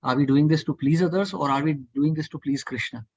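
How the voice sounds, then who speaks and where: A man's voice: fairly high pitch, fast, a little mellow, slightly rough, dry recording, muffled recording. A man leading a devotional scripture study class, urging listeners earnestly and repetitively to think and debate. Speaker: study group speaker.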